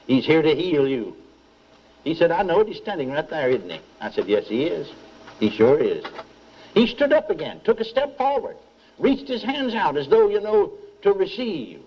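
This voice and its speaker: A man's voice: fairly high pitch, normal speed, breathy edge, dull audio. An older man preaching a sermon, telling a story with acted-out dialogue and calling on the congregation for amens. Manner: animated storytelling, repeats dialogue, asks audience for amens.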